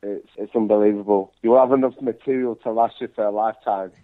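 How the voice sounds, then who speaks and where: A wrestler calling into a radio show, chatting and trading cheeky trash talk. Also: male voice, on the low side, fairly even intonation, fast, dry recording. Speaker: wrestler guest. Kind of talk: phone-in radio chat. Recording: phone line.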